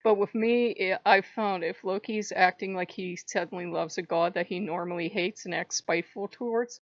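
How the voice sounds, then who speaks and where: A woman hosting her own channel, telling a story in a casual, animated way, with frequent swearing, laughter and acted-out quoted voices. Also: lowish voice, normal speed, no echo, highs cut off. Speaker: channel host. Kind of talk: casual spiritual vlog monologue.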